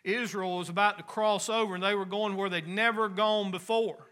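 A pastor preaching a sermon in a folksy, conversational way with homespun asides. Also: male voice, sits high, steady tone, normal speed, fairly bright tone.

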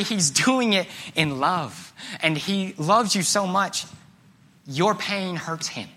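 A young man preaching a sermon, reading scripture aloud, swinging between loud emphasis and hushed, near-whispered moments. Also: a little high, expressive, a little slow.

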